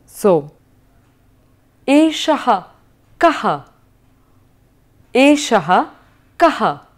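A woman teaching a recorded Sanskrit lecture, drilling words slowly and carefully with exaggerated pronunciation and a rising tone on questions. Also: a little high, big pitch swings.

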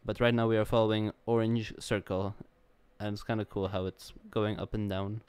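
A man hosting a game playthrough, reacting excitably and swinging between jokes and sincere remarks, often swearing and calling people "dude". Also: lowish voice, normal speed, clear, resonant tone, dry recording. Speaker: gaming video host. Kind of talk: let's play commentary. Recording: game sounds and sirens loud behind the voice.

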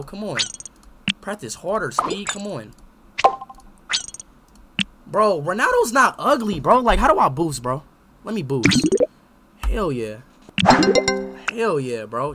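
A young man streaming a game live, talking to himself and his chat, swinging between loud yelling and quiet muttering. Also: on the high side, very noisy. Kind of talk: live gameplay commentary. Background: loud music.

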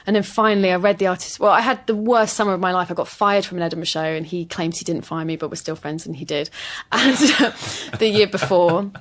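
A woman's voice: fairly low pitch, brisk. A woman comedian telling her story in an interview, self-deprecating and candid, swearing now and then. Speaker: comedian guest.

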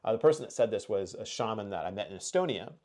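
A man's voice: fairly low pitch, lively intonation, quick pace, darkish tone. A man from Kentucky hosting a podcast, talking casually and rambling with lots of filler words. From United States (Kentucky). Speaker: podcast host.

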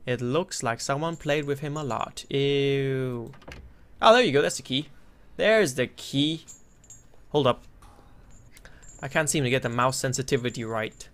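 A man commentating his play of a horror game, joking and cursing, and breaking into loud frightened yelps when scared. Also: mid-range voice, unhurried, pauses often. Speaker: gameplay commentator.

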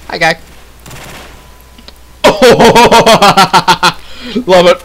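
Excitable young man, bright and lively. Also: fairly high pitch, extremely slow, pauses often. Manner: excitable, swearing, laughing a lot. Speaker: gamer. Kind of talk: let's play commentary.

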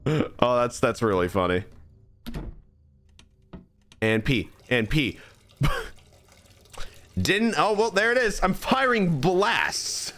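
A man's voice: mid-range voice, animated, slow pace, pauses often, a bit bright. A young man streaming a horror game, chatting and joking to himself as he plays. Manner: chatty, jokey, talks to himself. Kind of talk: live gameplay commentary.

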